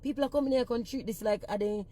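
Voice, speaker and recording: Talking fast in a slightly high, mellow voice, a woman with a heavy Jamaican Patois accent vents on social media. She's a singer-songwriter, blunt and full of profanity in this casual rant.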